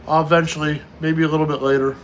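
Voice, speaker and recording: He's a middle-aged American livestream host, reading viewer comments aloud and replying to each in a casual setting. His slightly high voice has a flat delivery and quick pace, with a little hiss or hum audible.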